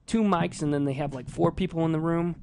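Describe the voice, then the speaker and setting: A man's voice: a little high, a little fast, vocal fry, slight background noise. A man from a small town in Indiana with a Midwestern accent, hosting a casual podcast chat, joking and laughing often. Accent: Midwestern American. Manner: laughs often, self-mocking, lively joking banter. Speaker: podcast host. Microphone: studio mic on a spring arm.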